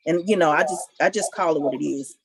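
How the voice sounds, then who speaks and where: A woman's voice: sits low, quick pace, creaky, breathy edge, low-quality recording. A married woman on a couples panel, talking with passion and emphasis in casual discussion.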